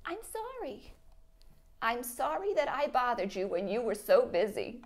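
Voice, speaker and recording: A woman's voice: a little high, sing-song, a little slow. A woman playing a melodramatic, whiny mother who guilt-trips her grown son in a comedy sketch. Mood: guilt-tripping. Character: nagging, guilt-tripping middle-aged Jewish-style mother. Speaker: sketch actor. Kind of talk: comedy sketch phone call.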